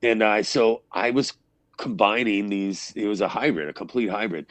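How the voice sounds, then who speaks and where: A man's voice: on the low side, moderate pace, no echo. A man, a band frontman, telling stories in a casual interview, rambling and swearing freely. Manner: rambling storyteller, swears freely, acts out quotes.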